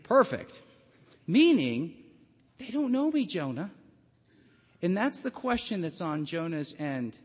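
A man preaching a sermon and telling the story dramatically, his voice swinging between loud and hushed. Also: high-pitched, big pitch swings, slow pace, long pauses, breathy edge, in a large hall.

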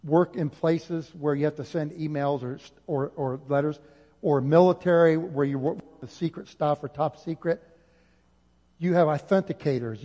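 A male pastor preaching an impassioned sermon, rising at times to near shouting. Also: a little high. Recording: dull audio with long hall reverb.

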